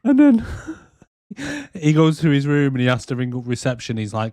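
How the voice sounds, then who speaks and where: A man's voice: mid-range voice, wildly swooping pitch, normal speed, mellow, dry recording, studio quality. A man, co-hosting a movie podcast and retelling scenes with laughter and swearing. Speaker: podcast co-host. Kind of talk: casual chat.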